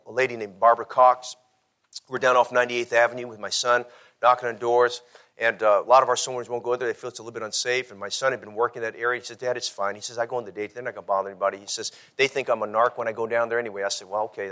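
A man's voice: medium pitch, sharp tone. Earnest male pastor telling a story. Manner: storytelling, repeats phrases, rising to an earnest altar call. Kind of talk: sermon with personal testimony.

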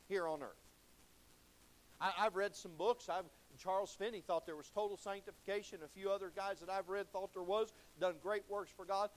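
A man preaching a sermon in a church, folksy, swinging between loud exclamations and low, intense passages. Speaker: pastor.

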